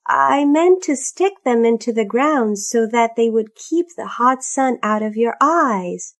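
A woman's voice: fairly high pitch, animated, measured pace. A woman voicing Hans, an eager and polite young man, in a storybook reading. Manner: eager and admiring.

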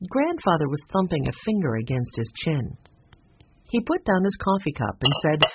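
A narrator reading a children's story aloud in an expressive, animated way, in a dull lo-fi recording. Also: medium pitch, normal speed, slight background noise. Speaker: audiobook narrator.

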